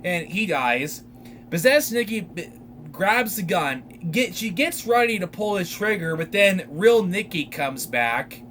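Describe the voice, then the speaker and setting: A young man hosting a podcast, retelling a film in a rambling, animated way with lots of fillers. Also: high voice, a little slow, a little hiss or hum. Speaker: podcast host. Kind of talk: casual solo film recap.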